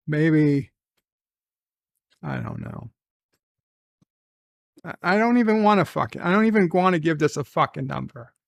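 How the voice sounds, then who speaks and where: A man with a high, clear, smooth voice rants through a review, swearing at every turn. He drags his words out slowly, heavy with anger. The recording is dry and close, with no room sound. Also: no echo. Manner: angry, profane, swearing constantly. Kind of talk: ranting review reaction.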